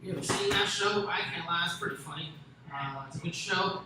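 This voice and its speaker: A man's voice: high-pitched, brisk, bright, forceful tone. A young man telling a long, crude, rambling story as a stand-up comedian. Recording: echoey room with faint noise.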